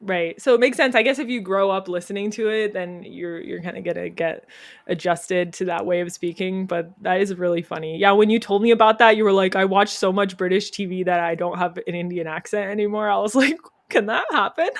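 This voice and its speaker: A woman's voice: medium pitch, fairly even intonation, a little fast. Chatty, laughing young woman guest. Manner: chatty, laughs often, storytelling. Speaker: podcast guest. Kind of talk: casual chat.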